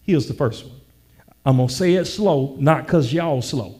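A male pastor preaches a sermon, teasing his congregation and slowly repeating lines before building to a shouted preaching cadence. His voice is a little high.

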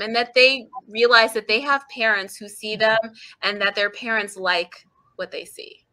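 A woman's voice: a little high, moderate pace, poor audio. A woman in her forties, a book author talking as a podcast guest, telling stories expressively and laughing readily. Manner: expressive, laughs readily, acts out quoted voices. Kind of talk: animated conversational storytelling.

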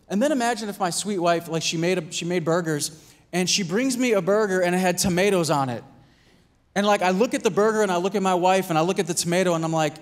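This American pastor's sermon is conversational and brisk, his male voice sitting high as he acts out small scenes. He regularly checks in with "right?" and "Amen?", speaking in a church hall.

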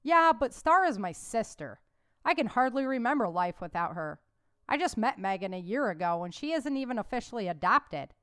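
Earnest polite young guy on patrol as a woman reads him, voice a bit raised and smooth. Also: fairly high pitch, very animated, moderate pace, fairly bright tone, dry recording, studio quality.

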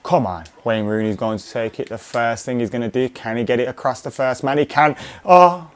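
A man's voice: medium pitch, steady tone, a little fast. A young man giving casual commentary while playing a video game, cheering and swearing at the action. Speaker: gaming commentator. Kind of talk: casual live gameplay commentary.

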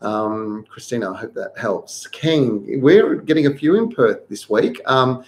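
A man's voice: mid-range voice, expressive, a little slow. A middle-aged man, hosting a live gardening show. He reads viewers' questions aloud and then gives practical advice.

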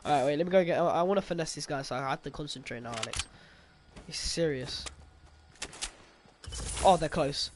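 A man's voice: a little high, fairly quick, long pauses, slight background noise. A young man commentating his game casually, swearing and laughing with friends. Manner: excitable, swears, bursts into laughter. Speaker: gaming YouTuber.

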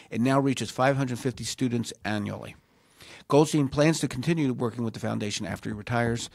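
Gravelly man reading community news. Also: medium pitch, no room sound. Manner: reads news items, jokes and laughs often. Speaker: co-host. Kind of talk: casual news chat.

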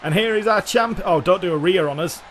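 A man's voice: sits high, brisk. A man co-hosting a wrestling video game, teasing his partner and calling the action in a mock announcer style. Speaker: gaming co-host. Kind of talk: playful wrestling-game commentary.

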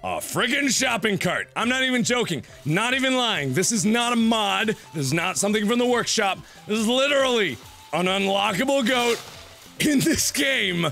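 Brief: man doing comedic game commentary, bright and bouncy, faint game music underneath. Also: high voice, moderate pace. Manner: excitable, goofy, swears and exclaims often. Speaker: gameplay commentator.

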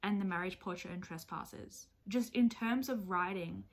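A woman book vlogger talking casually to camera in a reaction video, expressive and chatty, swearing freely. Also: mid-range voice, moderate pace. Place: at home with her dog nearby.

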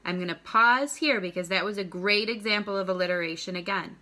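Teacher role: woman with a bright, crisp voice addressing young pupils. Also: mid-range voice, a little fast, hardly any pauses. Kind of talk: online lesson to schoolchildren.

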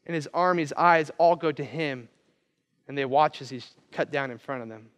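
A male pastor preaching a sermon, telling a story with animated energy and briefly acting out the people he quotes. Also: a little high, normal speed, clean tone, in a large hall. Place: church.

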